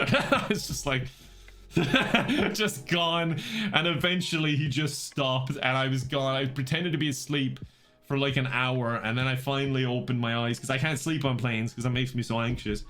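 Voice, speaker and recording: Irish man, slightly high voice, rambling stream anecdote, faint music behind. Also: normal speed. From Ireland. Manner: rambling, animated, self-interrupting. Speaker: streamer telling a story. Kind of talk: casual anecdote.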